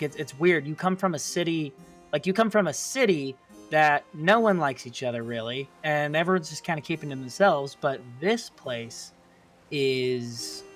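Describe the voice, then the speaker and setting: A young man narrating a tabletop game as game master, descriptive and quick to laugh. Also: a little high, a bit bright.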